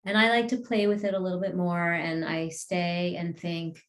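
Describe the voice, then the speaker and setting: A woman teaching an energy healing class over a video call, earnestly talking through self-sabotage and slowly leading affirmations for listeners to repeat. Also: lowish voice, little pitch movement, roomy sound.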